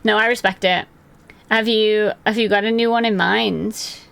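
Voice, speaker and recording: A young woman talks into a desk mic from her room, rambling through a casual live-stream chat. Her mid-pitched voice keeps a gravelly fry, and she drifts from one thought to the next. She answers viewers by name as she goes. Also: steady tone, normal speed, fairly bright tone.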